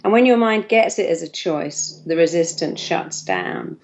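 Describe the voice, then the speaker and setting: Woman therapist, motivational speaker, lower voice, acts out quotes, lo-fi. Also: very animated, measured pace, creaky, slight background noise. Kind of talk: motivational talk.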